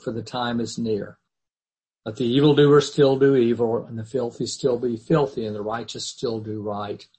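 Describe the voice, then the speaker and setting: A man with a rough, gravelly voice at an ordinary pitch. He reads scripture to his class and then lectures in a measured, thoughtful way, often restarting his sentences. He sounds like he is teaching over a video call. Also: rough recording.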